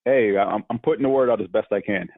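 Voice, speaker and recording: A man co-hosting a casual sports podcast, talking slowly and hesitantly. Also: on the low side, vocal fry, dry recording. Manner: slow, hesitant, unhurried. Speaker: co-host. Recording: tinny phone-like line.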